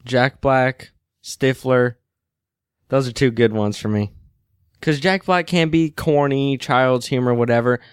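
Laughing young man, smooth dry voice. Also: medium pitch, a little slow, dry recording. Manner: laughs often, swears casually. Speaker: podcast co-host. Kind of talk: casual chat.

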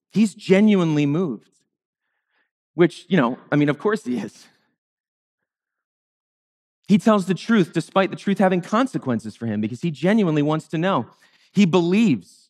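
A man delivers a sermon in a casual, wry tone, with a voice pitched high for a man. He slips into playful voices to act out the people in the story. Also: a little mellow. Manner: conversational, wry, acts out the characters in playful higher voices. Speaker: pastor.

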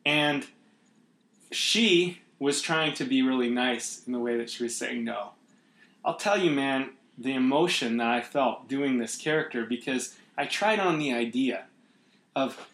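A man's voice: medium pitch, measured pace, a bit bright, roomy sound. A man hosting a podcast, talking casually and reflectively with many restarts. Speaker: podcast host. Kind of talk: casual conversation.

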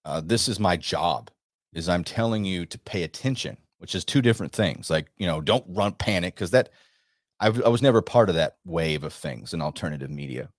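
Male radio host, very low voice, dry close sound, emphatic and rambling. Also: lively intonation, a little fast, no room sound. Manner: emphatic, rambling, with frequent restarts. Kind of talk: monologue commentary.

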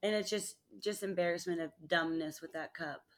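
A woman's voice: on the low side, normal speed. A woman co-hosting a podcast, telling funny stories in a casual chat and laughing often. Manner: animated storyteller, laughs often. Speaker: podcast co-host.

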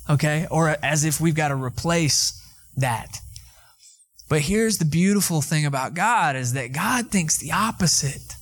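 Animated pastor preaching. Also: male voice, on the high side. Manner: conversational, animated storytelling with asides to the congregation. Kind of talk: sermon.

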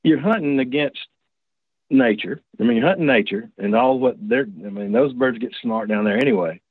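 A man's voice: medium pitch, normal speed, husky, no echo. A man tells a personal story in a casual, folksy, rambling way, full of restarts and asides. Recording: tinny dry phone line.

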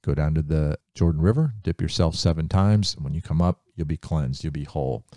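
A man playing a calm prophet's servant giving matter-of-fact instructions. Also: rumbling low, fairly quick, no echo, clean studio sound. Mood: instructive.

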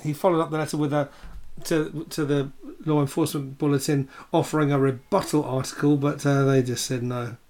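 A man co-hosting a podcast in casual chat, calmly recounting events from notes. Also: a little high, a little fast, few pauses. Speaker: podcast co-host.

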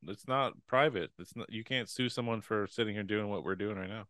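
A man's voice: fairly low pitch, fairly quick, a bit bright, dry recording, clean studio sound. A man co-hosting a podcast who chimes in with wry, laid-back remarks. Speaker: podcast co-host. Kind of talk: casual podcast chat.

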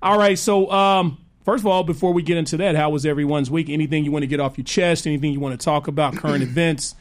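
A man's voice: fairly high pitch, steady tone, fast. A man hosting a live radio talk show, hyped and joking, often laughing. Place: radio studio.

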